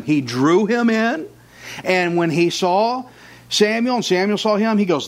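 A man's voice: high voice, animated, moderate pace. A man preaching a sermon as pastor, conversational, with jokes and asides to the congregation. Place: church.

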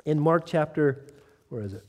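Male pastor, animated sermon delivery with acted quotes; mellow tone, long hall reverb. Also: on the high side, moderate pace. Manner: animated preaching, acting out quotes, laughs.

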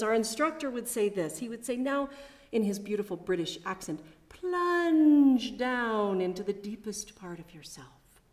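A woman preaching a sermon at a chapel, measured and reflective, with personal asides. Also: a little high.

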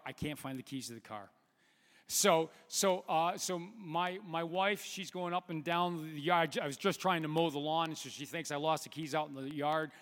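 A man in his fifties preaching a sermon, halting with fillers and restarts, then building to loud emphatic preaching. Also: fairly high pitch. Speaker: pastor. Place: church sanctuary. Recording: long hall reverb.

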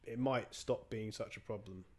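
A man's voice: on the low side, normal speed. A young man in casual chat as a podcast co-host, telling anecdotes wryly with frequent restarts. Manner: stammering restarts, wry storytelling.

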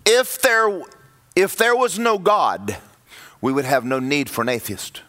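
A man preaching a sermon in a church, animated and acting out voices of churchgoers. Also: fairly high pitch, measured pace. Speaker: pastor.

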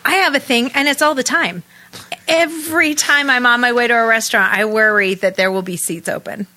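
A woman with a slightly high, bright voice, speaking as a podcast guest. She tells candid stories with easy laughter in a relaxed studio chat. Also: brisk. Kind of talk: casual chat.

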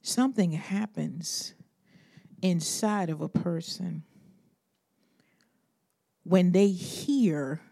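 A woman preacher delivers a lively sermon in a low, warm voice. She acts out Bible figures in modern slang and drops to hushed asides between loud, emphatic bursts. The recording is close and dry. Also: extremely slow, vocal fry, pauses often, dry recording.

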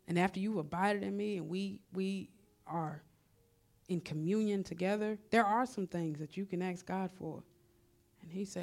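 A woman's voice: lowish voice, fairly even intonation, normal speed. A woman pastor preaching a sermon in a conversational, colloquial style, repeating her exhortations.

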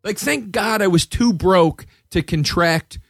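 A man hosting a podcast, telling a rambling, profane story in a casual chat and jumping to a high, excited voice at times. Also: unhurried, creaky, no echo, studio quality. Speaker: podcast host.

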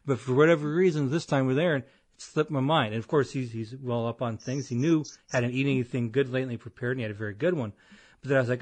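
A man's voice: mid-range voice, quick pace, no echo. Rambling, chatty male podcast host. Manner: rambling, self-deprecating, animated storytelling. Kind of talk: casual chat.

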